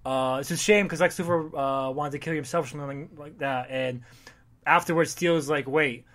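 A man's voice: on the high side, steady tone, moderate pace, a bit bright. A man in casual chat recapping a comic, rambling, swearing, and briefly acting out the characters. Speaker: podcast co-host recapping comics.

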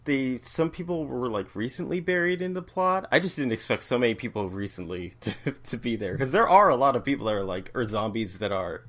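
A man talks through a comic book with friends in loose, casual podcast chat. His pitch rises and falls widely. He laughs easily and throws his voice into quoted lines. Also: fairly quick, hardly any pauses. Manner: animated, laughs often, acts out quotes. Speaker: podcast co-host.

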